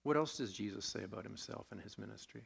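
A pastor with a lowish, creaky voice and a breathy edge talks fast through a sermon. He has a sore throat, stays conversational and self-deprecating, and asks his congregation questions along the way.

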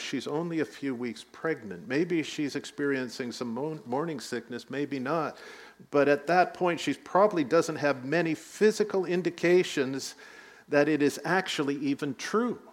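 A man's voice: a little high, moderate pace. A man preaching a sermon, telling the story with rising emphasis and light asides. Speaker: pastor.

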